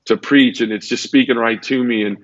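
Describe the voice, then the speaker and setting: A man's voice: mid-range voice, fairly even intonation, a little fast. A man telling the story of his conversion in an earnest, emotional testimony, often repeating words as he goes. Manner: earnest, repeats words, acts out quoted voices. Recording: dull lo-fi audio.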